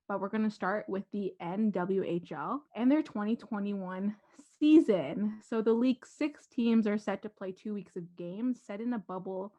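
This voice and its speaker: A woman's voice: mid-range voice, a little mellow. Chatty woman podcast co-host, lo-fi. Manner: chatty, reads facts carefully and slowly. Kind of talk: casual sports chat.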